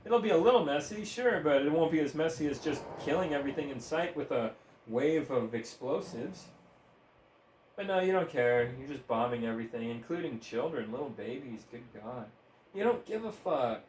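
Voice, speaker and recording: A man's voice: medium pitch, expressive, normal speed, a little mellow, slight background noise. A man ranting in heated, profane, sarcastic commentary while gaming, with bursts of laughter. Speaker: gaming streamer. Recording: roomy echo, faint ambience.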